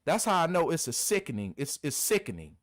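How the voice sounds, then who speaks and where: A man's voice: fairly high pitch, sing-song, fairly quick, no room sound, clean studio sound. A man hosting his own video, giving a heated, repetitive, scolding commentary. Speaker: video host. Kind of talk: impassioned commentary rant.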